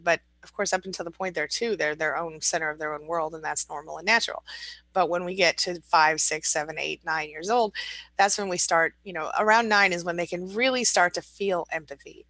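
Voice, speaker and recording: Woman, middle-aged, live-stream host, warm and encouraging, chatty, dry close sound. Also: fairly low pitch, dry recording. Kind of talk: casual live-stream chat, reading viewer comments aloud.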